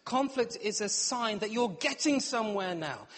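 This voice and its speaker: A middle-aged pastor delivers a humorous sermon, playful and self-mocking, acting out little scenes. His fairly bright, expressive voice sits high for a man and moves at a moderate pace, with a long church-hall reverb trailing behind him.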